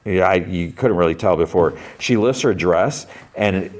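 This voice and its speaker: A man's voice: low voice, a little slow, a little mellow. A man hosting a podcast, retelling an episode in a rambling, casual way, full of "like" and "you know". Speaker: podcast host.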